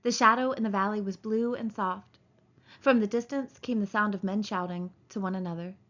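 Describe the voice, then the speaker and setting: A woman reading a novel aloud with steady, measured narration. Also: medium pitch. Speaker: reader. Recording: dull lo-fi recording.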